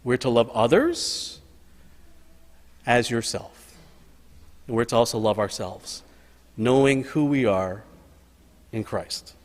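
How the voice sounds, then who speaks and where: A man's voice: medium pitch, animated, a little slow, long pauses. Earnest male pastor in echoing church. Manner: earnest, personal storytelling with emphatic repetition. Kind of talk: sermon. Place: church sanctuary. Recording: long hall reverb.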